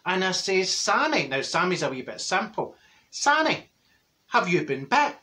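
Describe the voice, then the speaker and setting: A man's voice: high-pitched, sing-song, measured pace, bright, forceful tone, full character voice. A man playing a cheeky, blunt older woman from Glasgow with a Glaswegian accent, rambling through a gossipy comic monologue and laughing at his own jokes.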